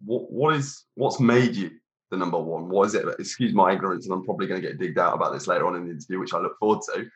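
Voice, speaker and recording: Deep-voiced guy asking probing questions, conversational. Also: fast talker, lo-fi sound. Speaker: interviewer. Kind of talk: interview questions.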